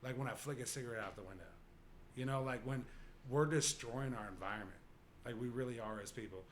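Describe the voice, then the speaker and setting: A man's voice: mid-range voice, brisk, a little hiss or hum. Rambling young man in casual chat. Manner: rambling, heavy use of "like". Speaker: podcast guest.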